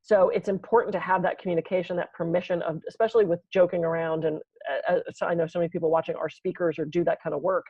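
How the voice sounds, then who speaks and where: A woman's voice: fairly low pitch, fairly even intonation, fast talker, hardly any pauses, mellow, breathy edge, no room sound, dull audio. A woman co-hosting a podcast, telling sarcastic jokey stories in casual chat. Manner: joking, sarcastic storyteller. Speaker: podcast co-host.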